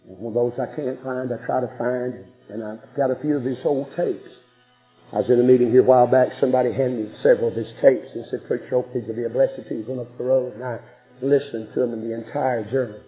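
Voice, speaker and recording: A man preaching a sermon, telling a story emphatically with sudden soft drops in his voice. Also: medium pitch, fairly even intonation, fast talker. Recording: muffled radio broadcast with faint music.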